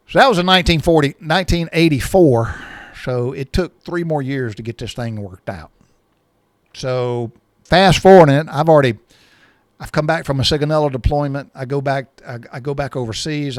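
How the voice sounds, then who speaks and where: A man's voice: medium pitch, moderate pace, no echo, clean studio sound. A man in his sixties telling a personal story in a folksy, rambling way, often repeating himself.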